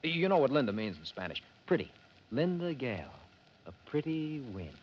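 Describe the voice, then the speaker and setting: A man's voice: medium pitch, big pitch swings, normal speed, a little hiss or hum, lightly acted. An actor playing a wheedling, salesy Hollywood publicity man in a 1950s radio drama, on an old, dull broadcast. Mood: pushy. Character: pushy fast-talking Hollywood publicity man.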